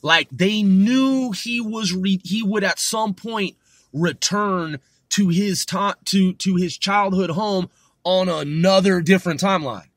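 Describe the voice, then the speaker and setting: A man's voice: high-pitched, takes it slowly, no echo. A man talking in a rambling, casual monologue, with lots of fillers and restarts. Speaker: channel host.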